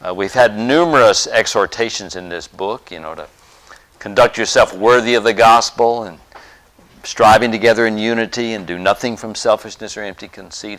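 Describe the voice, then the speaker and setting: A man's voice: fairly low pitch, fairly bright tone. A middle-aged man preaching a sermon in an earnest style, with frequent "uh" and "um" fillers and rising emphasis on key points. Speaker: pastor.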